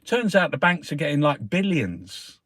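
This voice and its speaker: A man's voice: on the high side, normal speed, no echo. A man ranting scornfully through a newspaper review, swearing constantly. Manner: sweary, scornful, animated rant. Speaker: political vlogger.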